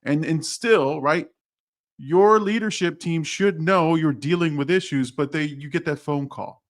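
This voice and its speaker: A man co-hosting a casual podcast, telling animated stories full of quoted dialogue, with frequent restarts. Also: on the high side, unhurried. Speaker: podcast co-host, HR professional. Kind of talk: casual chat.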